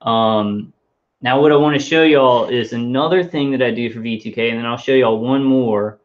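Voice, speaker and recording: A man talking casually to his viewers in a rambling, halting way, full of restarts and fillers. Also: mid-range voice, lo-fi sound. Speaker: vlogger.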